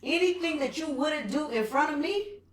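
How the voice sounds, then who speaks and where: A woman's voice: sits high, moderate pace. A woman co-hosting a podcast, chatting casually and acting out quoted remarks. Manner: animated, acts out quoted remarks. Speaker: podcast co-host. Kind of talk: casual chat. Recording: echoey room, mic at a distance, faint noise.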